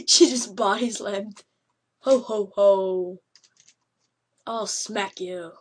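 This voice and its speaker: Excitable woman doing game commentary. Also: medium pitch, slight background noise. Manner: excitable, yelps and laughs at the game. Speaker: gameplay commentator. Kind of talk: let's play commentary.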